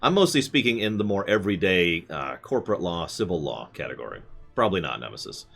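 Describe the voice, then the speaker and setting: Lowish guy rambling to his stream chat, lots of up and down, corrects himself a lot. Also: big pitch swings, fast talker, creaky, fairly bright tone, soft background music. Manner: rambling, self-correcting, opinionated. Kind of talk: live stream chat answering viewers.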